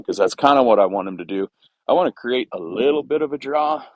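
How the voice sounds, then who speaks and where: Low-voiced man, relaxed horse trainer. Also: no echo. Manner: relaxed, rambling with many fillers and restarts. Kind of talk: casual explanation while working. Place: outdoor round pen.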